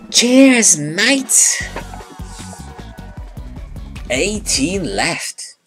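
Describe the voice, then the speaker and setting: A woman commentating her own game play, excitable and swearing at opponents, with faint game music behind. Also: mid-range voice, drawn-out words, long pauses. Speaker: gamer.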